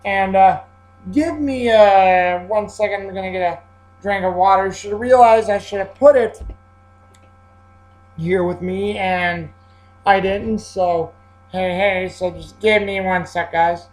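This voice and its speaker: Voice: medium pitch, slow, a little mellow, low-quality recording. A casual film reviewer with a mid-range voice talks through a plot in a loose, rambling way. The delivery is full of fillers and self-corrections. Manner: rambling, with frequent fillers and restarts. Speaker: movie reviewer.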